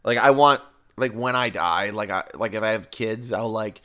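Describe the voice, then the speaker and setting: A man's voice: lowish voice, moderate pace, sharp tone, clean tone. A man co-hosting a podcast in casual chat, laughing often and swearing freely. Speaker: podcast co-host.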